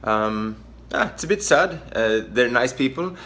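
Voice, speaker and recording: A middle-aged man from Sweden with a Swedish accent, a comedian talking casually to camera in a halting, self-deprecating way with many fillers. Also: mid-range voice, lively intonation, bright, forceful tone. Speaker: comedian vlogger. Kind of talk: casual vlog talk.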